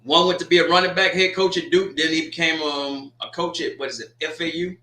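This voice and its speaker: A man hosts a casual sports livestream, talking loosely and joking with his viewers. His voice sits high and sounds bright and sharp. The room around him rings with a noticeable echo. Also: steady tone, brisk.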